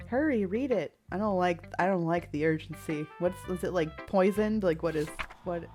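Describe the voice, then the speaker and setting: A young woman streaming gameplay from home, reacting loudly with yelling and laughter. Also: fairly low pitch, normal speed, soft background music. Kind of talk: livestream gameplay commentary.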